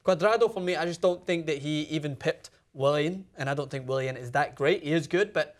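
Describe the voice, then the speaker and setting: A man co-hosting a sports show, giving opinionated football analysis in casual chat with fillers. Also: fairly high pitch. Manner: opinionated, quick, thinks aloud with fillers.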